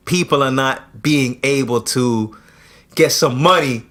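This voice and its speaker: A man co-hosting a podcast in casual chat, posing drawn-out rhetorical questions. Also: mid-range voice, a bit bright. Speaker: podcast co-host.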